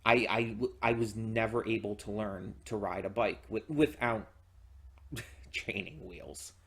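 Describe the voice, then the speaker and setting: A man's voice: on the low side, a little slow, slightly rough. A man hosting his own channel, talking casually and enthusiastically with lots of fillers, restarts and swearing. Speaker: reaction channel host. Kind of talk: casual solo commentary.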